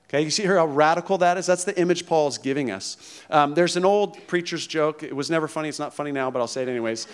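A man's voice: a little high, quick pace, few pauses, clean tone. A male pastor preaching a conversational sermon who often checks in with the congregation. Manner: conversational, emphatic, checks in with "okay?" and "right?".

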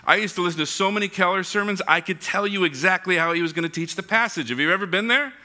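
A man's voice: high voice, quick pace. A young adult man preaching a sermon, telling humorous stories and acting out the voices in them. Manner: animated, acts out voices in anecdotes. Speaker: pastor.

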